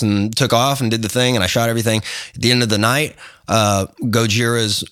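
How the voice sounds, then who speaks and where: A man's voice: mid-range voice, fast, dry recording, studio quality. A man on a podcast telling a long story, full of fillers and restarts, acting out the other people as he goes. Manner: rambling, lots of fillers and restarts, animated retelling. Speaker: guest photographer. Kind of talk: casual interview storytelling.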